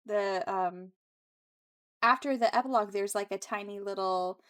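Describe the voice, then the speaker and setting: A woman co-hosts a casual book club podcast and rambles eagerly, packing her speech with "like" and restarts. Her delivery is animated and conversational. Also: medium pitch, normal speed. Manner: rambling, lots of filler "like", animated. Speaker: podcast co-host.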